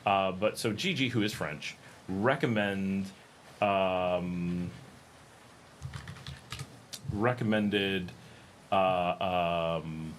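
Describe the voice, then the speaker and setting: A man's voice: low voice, drawn-out words, pauses often, slight background noise. A middle-aged American man chatting casually on his livestream, rambling with many ums and restarts. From United States. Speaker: livestream host.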